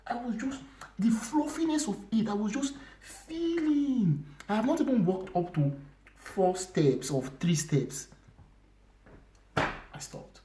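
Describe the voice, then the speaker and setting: A man giving an emotional personal testimony, moving between loud emphasis and hushed whispers and repeating his phrases. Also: sits high, lively intonation, slow, slight background noise. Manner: repetitive, restarting phrases. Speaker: church brother giving testimony.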